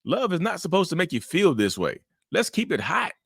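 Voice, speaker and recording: Animated man giving blunt relationship advice. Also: high-pitched, fairly quick, gravelly, husky, dry recording, studio quality. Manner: animated, preachy, repeats himself, acts out inner voices. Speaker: mental health channel host. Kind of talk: casual advice monologue to camera.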